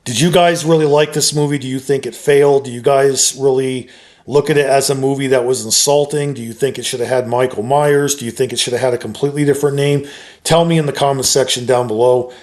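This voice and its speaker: A man talking straight to his viewers, giving his opinion of a horror film in a relaxed, conversational way with frequent hedges. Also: medium pitch, a little fast. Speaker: YouTuber reviewing a film. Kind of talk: casual opinion monologue.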